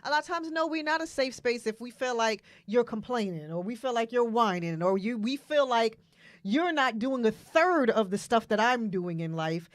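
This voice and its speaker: Frank, animated talk-show co-host woman. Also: on the high side, moderate pace, no room sound. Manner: frank, animated, laughs often, acts out quotes. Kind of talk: casual talk show chat.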